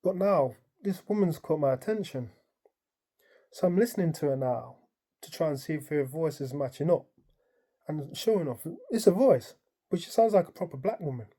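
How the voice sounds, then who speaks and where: Mellow-voiced man rambling through a dream. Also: on the high side, normal speed. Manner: rambling, animated retelling full of "like" and "um"; colloquial, storytelling present tense. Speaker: dream vlogger. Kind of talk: casual storytelling.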